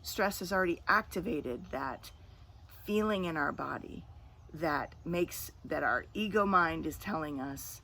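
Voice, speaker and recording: A middle-aged woman speaking as a coach, giving a calm, earnest self-help talk with repetitive phrasing. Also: low voice, a little slow.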